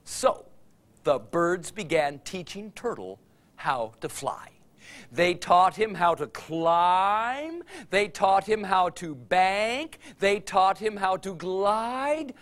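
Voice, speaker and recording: Man telling a kids' story, slow and unhurried, voice rising and falling a lot. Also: high voice. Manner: animated, laughs along with his tale. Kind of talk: storytelling for all ages.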